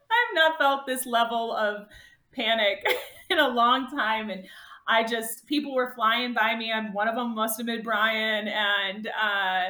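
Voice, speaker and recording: A woman's voice: on the high side, unhurried, pushed and bright, echoey room. A woman guest telling a race story in casual conversation, emotional and laughing often as she relives it. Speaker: guest ultrarunner.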